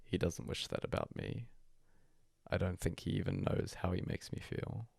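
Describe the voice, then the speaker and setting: A man reading a bedtime story aloud as a hushed, breathy first-person monologue. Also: low-pitched, wildly swooping pitch, moderate pace, no echo, studio quality. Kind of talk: soft-spoken story reading.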